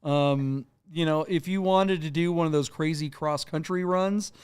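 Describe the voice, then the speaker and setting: A man's voice: fairly high pitch, steady tone, a little slow, a little mellow, clear, resonant tone. A man co-hosting a live car auction stream, talking casually with blunt, sarcastic remarks and lots of fillers.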